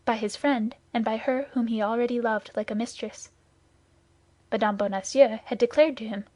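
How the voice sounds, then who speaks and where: A woman reading a classic novel aloud in steady, measured scripted narration on a close mic. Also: on the high side, no echo. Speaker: audiobook reader.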